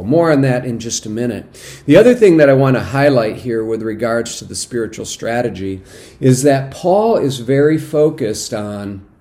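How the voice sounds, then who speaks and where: A man, a pastor, preaching a sermon in a measured teaching manner, pausing on fillers and restarts and lifting his voice when he urges the listeners. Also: lowish voice, mellow. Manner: measured teaching with frequent fillers and restarts, rising in emphasis for exhortation.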